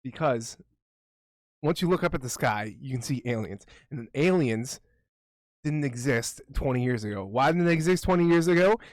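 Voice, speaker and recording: A man's voice: mid-range voice, animated, moderate pace, no room sound. A young man co-hosting a podcast, rambling and swearing in mock-conspiratorial casual chat. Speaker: podcast co-host.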